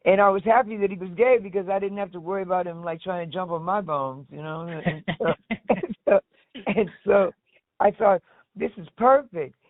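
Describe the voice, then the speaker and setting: Woman, guest interview, lively storyteller, acts out quotes, thin phone-like sound, dry. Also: on the low side, moderate pace, no echo. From United States. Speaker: guest, singer. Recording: tinny phone-like line, dry.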